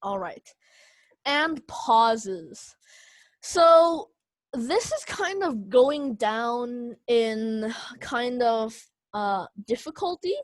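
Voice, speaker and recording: High-voiced young woman teaching speech. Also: lively intonation, extremely slow, dry recording. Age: young adult. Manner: casual, many fillers like "kind of" and "um". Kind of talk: online class lecture.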